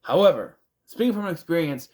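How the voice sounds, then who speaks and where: A man talks through a movie review in a loose, rambling way. His pitch swings up and down a lot, and he keeps breaking off into self-deprecating asides. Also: lively intonation, fairly quick, a little mellow. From United States.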